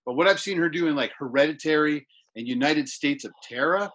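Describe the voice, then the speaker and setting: A man's voice: fairly high pitch, brisk, fairly bright tone. A man co-hosting a podcast, chatting casually about movies and giving emphatic opinions. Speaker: podcast co-host. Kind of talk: casual movie review chat.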